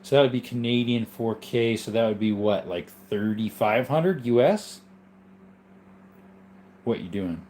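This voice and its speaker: A man's voice: medium pitch, unhurried, pauses often, a little mellow, slight background noise. Sleepy, easygoing man chatting live. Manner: rambling, easygoing, with frequent ums and asides. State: sleepy, yawning. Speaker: livestream host reading viewer chat. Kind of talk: casual live chat.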